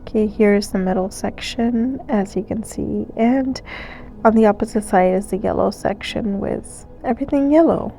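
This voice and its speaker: A woman with a stuffy nose doing a chatty, relaxed voice-over for a thrift shopping vlog. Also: mid-range voice, moderate pace, creaky, soft background music. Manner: chatty, relaxed, with fillers and small laughs. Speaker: thrift vlogger. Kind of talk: casual voice-over narration. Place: recorded voice-over.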